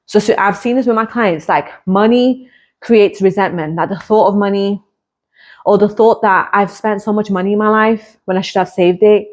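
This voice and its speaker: A woman's voice: mid-range voice, normal speed, darkish tone. A woman podcast host and hypnotist coach in a personal monologue. She speaks candidly and reflectively, building her points through repeated parallel phrases.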